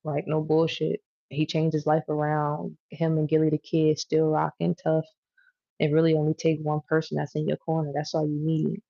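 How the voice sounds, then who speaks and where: Woman, tarot reader, casual and profane, rambling, flat delivery, dull lo-fi sound. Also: low-pitched, moderate pace, gravelly, dry recording. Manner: rambling, profane, loose and chatty. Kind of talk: casual tarot reading to viewers.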